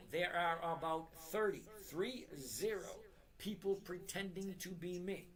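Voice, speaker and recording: A middle-aged man talks straight to his live-stream viewers in a blunt, emphatic way. He repeats key points and slows down on purpose so they sink in, like a lecture mixed with casual chat. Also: a little high, a bit bright. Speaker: trading live-stream host.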